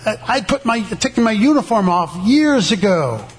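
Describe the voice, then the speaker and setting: High-voiced older man, veteran sharing a testimony, halting delivery with lots of restarts, acts out the voices in his story. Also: big pitch swings. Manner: halting, with many restarts and repeated words.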